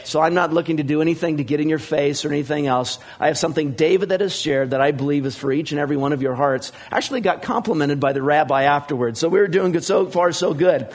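A middle-aged man, a pastor, giving a sermon in a conversational storytelling style, with many fillers and animated dialogue. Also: fairly high pitch, quick pace, few pauses.

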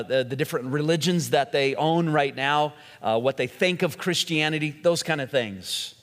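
A man's voice: medium pitch, fairly bright tone. A man preaching a sermon, telling stories earnestly and stressing key words. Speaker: pastor. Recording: long echoing hall reverb.

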